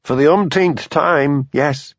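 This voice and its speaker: A man's voice: fairly high pitch, slow, dry recording, muffled recording, voice pushed up. A man doing a curt Yorkshire woman. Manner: curt, defensive, prickly. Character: small sharp-tongued woman designer.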